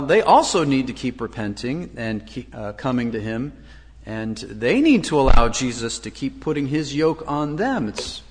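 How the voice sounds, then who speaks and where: A man preaches from the pulpit in an earnest, plain way, pausing on small fillers as he goes. His voice sits at an ordinary middle pitch. A long reverb trails behind him in a large hall. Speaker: pastor. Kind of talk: sermon.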